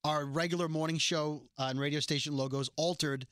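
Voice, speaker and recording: A man with a bright, forceful voice hosts a casual podcast from a radio studio. He tells stories in a lively, chatty way, pitched slightly high for a man. The sound is close and dry. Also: fairly quick, smooth, no room sound. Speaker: radio morning-show host, podcast host.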